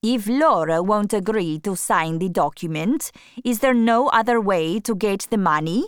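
A woman's voice: mid-range voice, lively intonation, normal speed, smooth, no echo, studio quality, natural voice. A woman reading an audiobook voices a desperate, hot-tempered baronet, a middle-aged man who speaks urgently and anxiously. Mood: angry urgent. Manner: agitated, raised, urgent.

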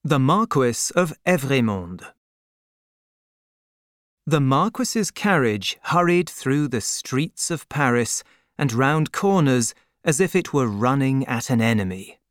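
An audiobook narrator reads a novel chapter aloud from a script, with a measured, expressive storytelling delivery. The voice is medium-pitched, and the recording has studio quality with no room sound.

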